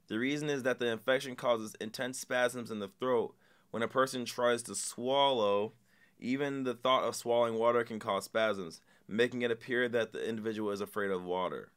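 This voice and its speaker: A man's voice: mid-range voice, fairly bright tone, clean tone. A man hosting a reaction video, talking in a casual, profane and rambling way full of slang.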